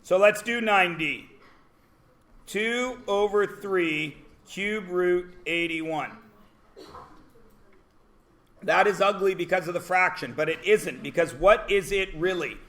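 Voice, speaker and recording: A man's voice: high voice, slow pace, long pauses, sharp tone. A Canadian man teaching a math class in a classroom, chatty, asking the class questions and answering them himself.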